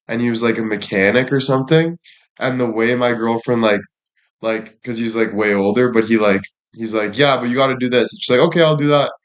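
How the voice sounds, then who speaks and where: A man hosting a livestream, chatting casually with viewers and telling rambling stories full of swearing. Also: mid-range voice. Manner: rambling, storytelling, frequent swearing. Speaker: livestream host. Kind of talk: casual chat with stream viewers.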